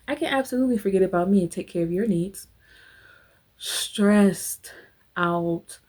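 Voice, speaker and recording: A woman's voice: medium pitch, unhurried, long pauses, a little mellow. A woman hosting a motivational talk, speaking emphatically in a preacher-like way, calling listeners honey and y'all and guiding them through a visualization. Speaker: host.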